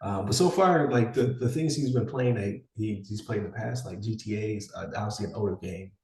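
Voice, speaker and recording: A man's voice: fairly low pitch, a little fast, a little mellow, distant mic. A man in his forties, co-hosting a podcast in rambling casual chat with many fillers and restarts. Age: 40s. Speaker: podcast co-host. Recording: echoey room, somewhat off-mic.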